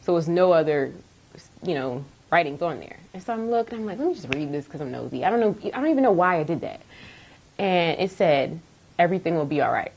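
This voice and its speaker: A young woman in her twenties, a nursing student, telling a candid personal testimony with animated storytelling. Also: on the low side, fairly quick, husky.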